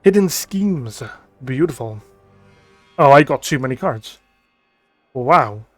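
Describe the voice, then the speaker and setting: A man's voice: mid-range voice, animated, slow, dry recording, faint music behind. A man giving thinking-aloud commentary as he plays a digital board game, reading card text aloud and musing with frequent ums.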